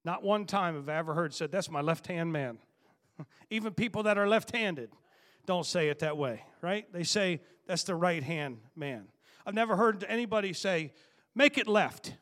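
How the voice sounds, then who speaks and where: A male preacher with a somewhat high voice delivers a sermon. He moves from scripture reading and prayer into emphatic, rising bursts. Along the way he teases his listeners with playful jabs. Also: normal speed, a bit bright.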